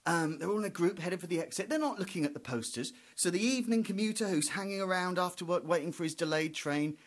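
Rambling male stand-up, fairly high, incredulous comic monologue. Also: fast talker. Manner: incredulous, spiralling hypotheticals. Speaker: stand-up comedian.

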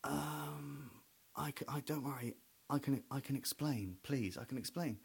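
A man's voice: medium pitch, unhurried, vocal fry, slightly rough, voice pushed down, heavily acted. Flustered husband played by a man, faltering, mumbled pleading. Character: flustered sheepish middle-aged husband.

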